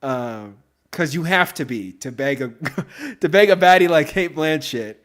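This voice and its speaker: A man hosts a podcast in loose, casual chat. His voice sits a little high for a man. He rambles excitably and leans on fillers as he goes. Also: measured pace. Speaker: podcast host.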